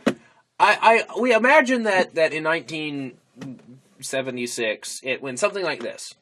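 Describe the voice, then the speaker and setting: A man co-hosting a casual podcast, retelling scenes in an animated, emphatic way. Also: fairly high pitch, normal speed, noisy background. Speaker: podcast co-host. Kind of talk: casual podcast chat about books and films.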